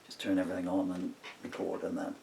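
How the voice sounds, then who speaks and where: A man's voice: sits low, monotone, fast talker, gravelly, warm tone, distant mic, slight background noise. An older songwriter talking casually while he writes a song, rambling and breaking off into muttered asides in his home studio. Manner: meandering, self-interrupting, muttered asides.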